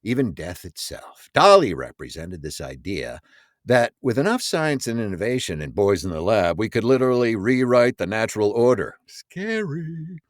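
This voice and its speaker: Lively, playful male podcast co-host. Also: fairly low pitch, no room sound, clean studio sound. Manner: playful, slips into quick put-on voices. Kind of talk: casual scripted podcast banter.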